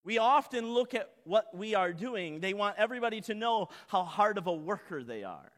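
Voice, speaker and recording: Pastor type, male, high bright voice, dramatic sermon delivery in a reverberant hall. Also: animated, normal speed. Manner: dramatic preaching, acts out quoted voices, swings loud to soft.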